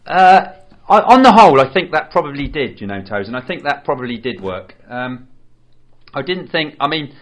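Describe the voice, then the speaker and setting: A man co-hosting a podcast, chatting casually about a film in a hesitant, rambling way with many pauses and fillers. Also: fairly high pitch, big pitch swings. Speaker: podcast co-host. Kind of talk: casual film review chat.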